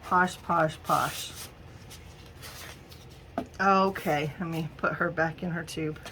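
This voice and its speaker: A woman's voice: medium pitch, a bit bright, a little hiss or hum. A middle-aged woman, chatting casually and giggling through a haul video at home. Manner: chatty, giggly, addresses viewers as y'all. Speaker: crafting vlogger.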